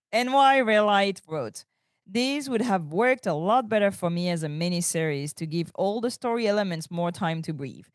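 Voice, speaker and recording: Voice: mid-range voice, expressive, moderate pace, clear, resonant tone, no room sound, clean studio sound. A podcast co-host reading a listener's message aloud, giggly and teasing in the chat. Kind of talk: casual chat.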